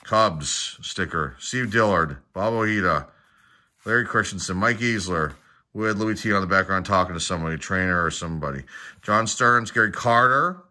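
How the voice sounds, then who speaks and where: A man's voice: deep voice, pushed and bright. A middle-aged man opening packs of baseball cards, reading player names off one by one and adding casual asides. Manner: rattles off player names in a quick list, with asides. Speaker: card collector opening packs. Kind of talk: casual pack-opening commentary.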